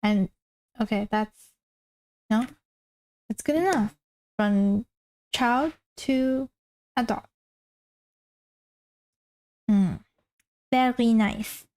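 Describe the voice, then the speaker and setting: A woman's voice: on the high side, extremely slow, long pauses, a little mellow, low-quality recording. A woman streamer chatting casually while drawing, rambling and self-deprecating, often trailing off mid-sentence. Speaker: art streamer.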